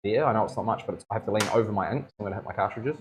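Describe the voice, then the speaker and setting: A man's voice: lowish voice, rapid-fire, background noise. A male tattoo artist chatting casually during a live stream from his studio, joking around and half-mumbling while he concentrates on the work. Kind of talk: casual chat while working.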